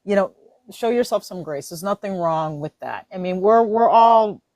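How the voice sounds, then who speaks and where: A woman in a casual faith-based discussion, animated and laughing, acting out her own inner voice. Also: medium pitch, moderate pace, dry recording.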